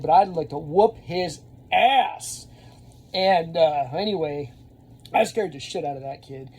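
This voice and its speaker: A man, telling a rambling story to camera and getting louder when he acts out scenes. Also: on the high side, slow. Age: 30s. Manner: rambling, animated, laughs often, shouts when reenacting. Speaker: vlogger and Army veteran.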